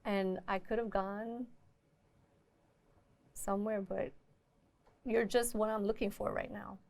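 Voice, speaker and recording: A woman's voice: mid-range voice, fairly even intonation, slow pace, gravelly, darkish tone. A young woman, a musical theater student, answering her coach earnestly with frequent giggles. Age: young adult. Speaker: acting student. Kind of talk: casual interview.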